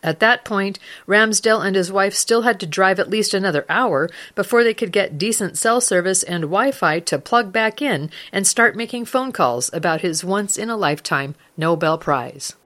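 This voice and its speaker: A woman presents a scripted radio news feature at a measured pace. Her voice sits at a middle pitch, and she reads steadily through the copy as the program's host. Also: lively intonation, a bit bright.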